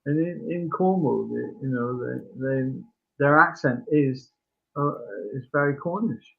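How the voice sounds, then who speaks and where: A man co-hosting a podcast, chatting casually about an old film, full of halting restarts and fillers. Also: fairly high pitch, creaky. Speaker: podcast co-host. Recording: tinny phone-like line.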